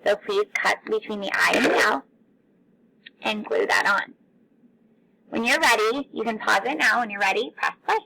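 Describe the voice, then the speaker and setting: A woman teacher leading a recorded phonics lesson for young children, patient and encouraging, sounding out words slowly. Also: a little high, creaky, noisy background.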